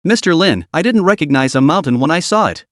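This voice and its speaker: A man's voice: a little high, lively intonation, brisk, fairly bright tone, no room sound, studio quality. A man voicing a beaten-down male thug who stammers and mutters grudging apologies. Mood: cowed.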